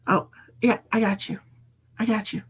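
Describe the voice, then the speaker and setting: A woman's voice: mid-range voice, level tone, moderate pace, husky. A woman, giving psychic readings on a live stream in a chatty way and calling people darling and sweetheart. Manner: chatty, calls people endearments. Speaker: psychic medium.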